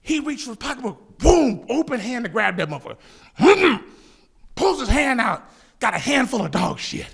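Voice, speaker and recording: A man from Southern California telling a street story in an animated, profane, laughing way. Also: high voice, moderate pace, creaky, husky. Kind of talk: casual story told to camera.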